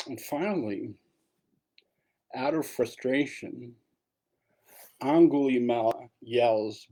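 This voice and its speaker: A man's voice: fairly low pitch, a little slow, pauses often, mellow, breathy edge. A man giving a dharma talk as a meditation teacher, telling a story in a casual way with asides.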